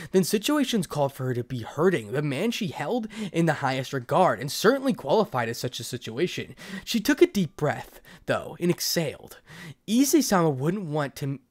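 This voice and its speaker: A man reading a fan fiction story aloud as narrator, dramatic with the odd stumble. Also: fairly high pitch.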